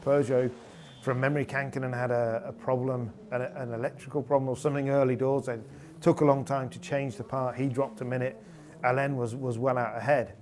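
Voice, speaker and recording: Speaking flatly and a little fast in a darkish mid-range voice, a man on a rally panel chats casually. As a pundit, he rambles through long anecdotes packed with fillers and restarts.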